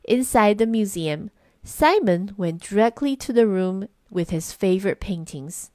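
Lively woman reading a bilingual story. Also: medium pitch, unhurried, no echo, clean studio sound.

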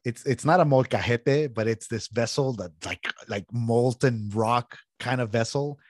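A middle-aged man from California chatting casually as a podcast host, telling stories with big swings in pitch and cursing when annoyed. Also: measured pace, dry recording, clean studio sound. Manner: animated storyteller, swears freely, jumps in pitch when riled up. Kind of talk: casual chat.

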